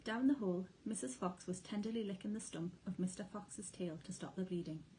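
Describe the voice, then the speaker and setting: Woman, teacher, storybook read-aloud, expressive, mellow, faint hiss. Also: mid-range voice, brisk, low-quality recording. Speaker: primary school teacher.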